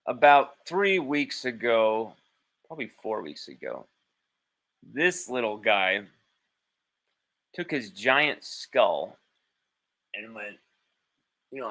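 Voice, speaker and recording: A man who hosts a sports podcast does a livestream from home, his child nearby. His mid-range voice is bright and forceful as he rambles casually and bluntly, swearing easily.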